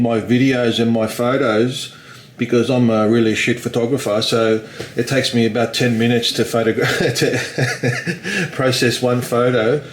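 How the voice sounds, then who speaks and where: A man's voice: medium pitch, echoey room, slight background noise, low-quality recording. A man chatting casually in a rambling, self-deprecating vlog, swearing lightly. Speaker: vlogger.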